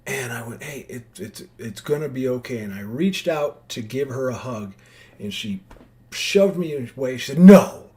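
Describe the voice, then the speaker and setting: A man's voice: mid-range voice, a little mellow. Earnest, rambling middle-aged man. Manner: rambling, reflective, with many restarts and fillers; earnest and heartfelt. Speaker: podcast host. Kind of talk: personal monologue.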